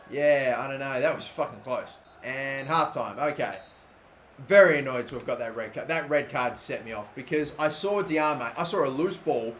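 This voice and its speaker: Young guy yelling and grumbling over a football game, a bit high, echoey room with faint hum. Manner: excitable, swears when annoyed. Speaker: gaming YouTuber. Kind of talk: gameplay commentary.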